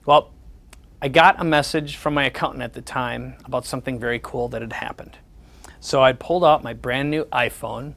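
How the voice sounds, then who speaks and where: A man with a creaky, slightly bright mid-range voice gives a sales presentation at a moderate pace and fairly even intonation. He tells personal stories, re-enacting the conversations and echoing other people's words.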